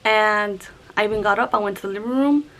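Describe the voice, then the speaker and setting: A young woman vlogger telling a personal story to camera in a halting, conversational way, with many restarts and fillers. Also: medium pitch, a bit bright, poor audio.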